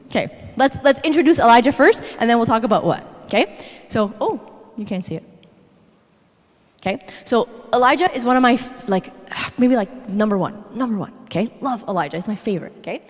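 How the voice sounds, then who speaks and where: A woman giving a lively, chatty church talk, constantly checking in with her listeners with "okay?". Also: fairly high pitch, a little fast. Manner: animated, chatty, tags "okay?" after every point. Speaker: guest speaker. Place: church sanctuary. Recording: echoey church hall.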